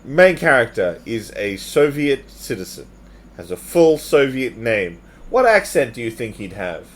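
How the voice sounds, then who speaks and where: A man's voice: medium pitch, big pitch swings, a little slow. Man ranting in casual podcast chat. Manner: emphatic, opinionated ranting. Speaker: podcast co-host.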